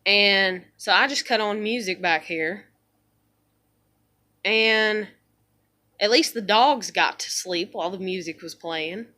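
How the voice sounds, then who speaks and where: Blunt, bright-voiced woman venting. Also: medium pitch, slow pace, pauses often. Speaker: vlogger. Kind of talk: emotional venting monologue.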